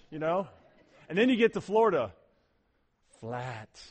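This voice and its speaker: A man preaching a sermon as pastor, telling stories animatedly and swinging from loud emphasis to a hushed near-whisper. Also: mid-range voice, big pitch swings, takes it slowly, pauses often, breathy edge. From Ohio.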